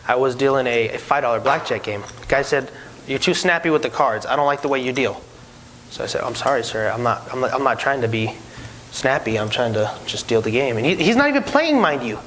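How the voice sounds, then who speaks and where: Animated man telling casino stories. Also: a little high, a little hiss or hum, poor audio. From Hispanic heritage, no country given. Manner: animated, acts out voices in his stories, many restarts. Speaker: podcast co-host, former casino dealer. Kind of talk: casual storytelling chat.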